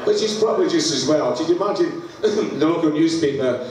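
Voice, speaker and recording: A man's voice: on the high side, expressive, quick pace. A Scottish man preaching, telling a funny story with lots of laughter and acted-out sounds. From Scotland. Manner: laughs through his story, acts out sounds. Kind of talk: humorous sermon storytelling. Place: church hall. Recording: echoey church, distant mic, background noise.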